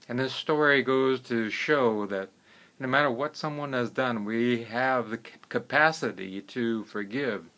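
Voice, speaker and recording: A herbalist telling stories in a casual, unhurried way, often trailing off into quieter phrases. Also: male voice, mid-range voice. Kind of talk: casual storytelling.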